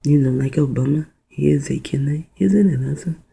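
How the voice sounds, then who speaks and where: A video host giving rambling commentary while reading aloud, spelling words out letter by letter, musing with soft exclamations and often dropping into a whisper. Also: medium pitch, a little fast, vocal fry, husky, rough recording.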